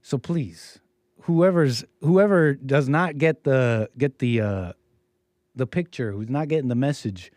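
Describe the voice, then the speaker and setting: A man's voice: mid-range voice, a little slow, darkish tone, no room sound, studio quality. A man hosting a live stream, commenting on a video in a rambling, sarcastic way with frequent restarts.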